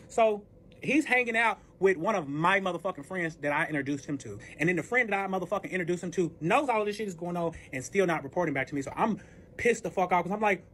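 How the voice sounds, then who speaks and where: Fast, high-voiced man telling a heated story. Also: lively intonation, fairly bright tone. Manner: profane, heated, reenacts arguments. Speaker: storyteller recounting a breakup. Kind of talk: casual storytelling.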